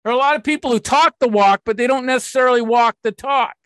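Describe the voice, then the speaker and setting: Man, high voice, blunt and profane, recovery talk, dry close sound. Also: quick pace, a bit bright, clear, resonant tone, no echo. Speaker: recovery sponsor speaker.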